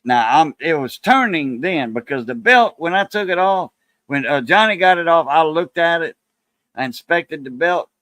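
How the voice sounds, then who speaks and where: A man's voice: a little high, animated, normal speed, pushed and bright, no echo. A man with a Cajun accent hosting a casual chat, telling rambling folksy stories in a loose, easygoing way. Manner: rambling, folksy storytelling with laughs. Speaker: channel host.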